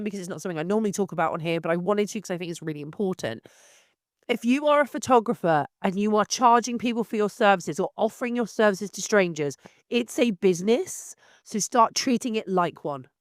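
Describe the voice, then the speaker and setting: A woman's voice: mid-range voice, lively intonation, fairly quick, no room sound, studio quality. A woman sounding unwell as she hosts a solo podcast, ranting in a blunt, exasperated way. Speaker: podcast host.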